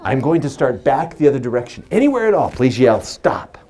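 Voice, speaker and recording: A man's voice: mid-range voice, big pitch swings, fast talker, mellow, slight background noise. A man in his forties performing as a magician. He uses a stage microphone and mixes playful stories with teasing banter with his audience. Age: 40s. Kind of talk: live stage patter with storytelling.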